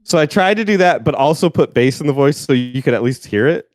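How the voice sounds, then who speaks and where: A man's voice: medium pitch, lively intonation, fairly quick, no echo. A man co-hosting a podcast in a laid-back, self-deprecating chat. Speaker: podcast co-host. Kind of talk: casual chat.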